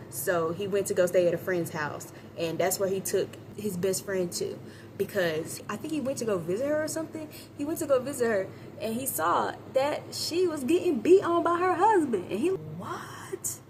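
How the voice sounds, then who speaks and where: Animated woman reviewing a movie. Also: mid-range voice, background noise. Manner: animated, acts out characters' lines in quick voices; chatty, addresses viewers as y'all. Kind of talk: casual movie review vlog.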